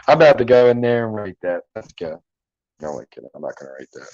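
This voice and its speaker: A middle-aged man hosts a livestream in a fairly low, slightly mellow voice with big pitch swings, normal speed and frequent pauses. He reads live comments and jokes with viewers in a loose, profane way, using headphones and a mic at his computer. The audio is dry and dull.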